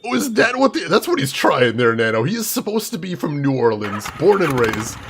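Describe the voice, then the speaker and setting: A young male livestreamer with a slightly high, sing-song voice talks briskly over a noisy background. He gives playful, chatty commentary on a live game stream and greets viewers by name.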